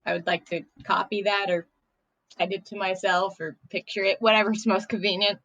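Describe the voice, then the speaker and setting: A woman's voice: medium pitch, flat delivery, moderate pace, a bit bright. A woman voicing a composed fish-creature woman in human skin, speaking in stiff, overly polite phrases with a Russian accent. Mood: calm. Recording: dull, dry lo-fi mic.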